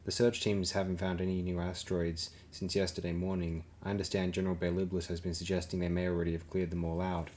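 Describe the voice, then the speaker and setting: A man reading the lines of a composed female aide to a princess, speaking softly. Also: low voice, level tone, quick pace, hardly any pauses, slight background noise, close to an everyday voice. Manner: soft-spoken, composed. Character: soft-spoken female royal aide, composed.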